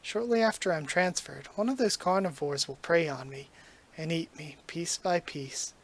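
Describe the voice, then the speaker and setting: A vain young male peacock working a dull civil-service job, soft-spoken and melancholy, as a man reads him from a manga. He sounds subdued, his voice sitting a little high. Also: moderate pace.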